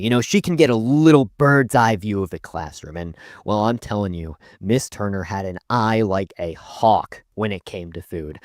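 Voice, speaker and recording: A man's voice: mid-range voice, dry recording, studio quality. A young man narrating a school story in a casual, joking, conversational way. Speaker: storytime YouTuber.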